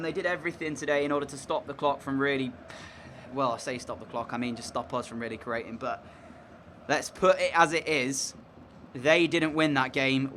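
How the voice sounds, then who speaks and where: A man's voice: medium pitch, pushed and bright, slight background noise. A man giving casual commentary over his own football video game, frustrated and groaning at mistakes. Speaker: gaming commentator.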